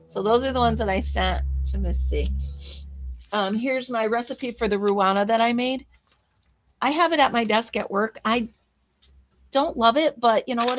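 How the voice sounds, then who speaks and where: A woman hosting a casual crafting livestream, chatting and greeting viewers by name as she pages through her notes. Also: medium pitch.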